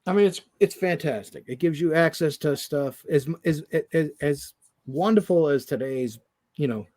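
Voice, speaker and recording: A man appearing as a podcast guest, giving his views eagerly in casual chat, with halting restarts. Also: on the high side, warm tone, dry recording, studio quality.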